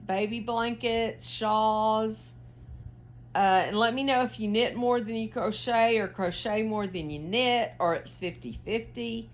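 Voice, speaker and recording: A chatty woman knits while talking slowly to her viewers, with plenty of fillers and questions for them. She's tired and yawns. Her voice is mid-range; she's a knitting vlogger having a casual chat.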